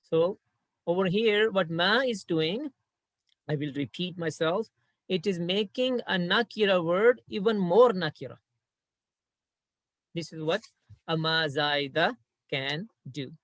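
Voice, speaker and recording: A man's voice: high-pitched, a bit bright, no room sound. Man teaching grammar, dry close sound. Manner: patient, repeats points, recites Arabic verses quickly. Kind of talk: explaining Arabic grammar lesson.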